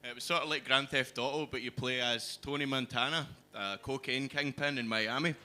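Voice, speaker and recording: A young Scottish man doing a stand-up set in a comedy club, with a dry, deadpan delivery into a stage mic. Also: medium pitch, fairly quick. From Scotland.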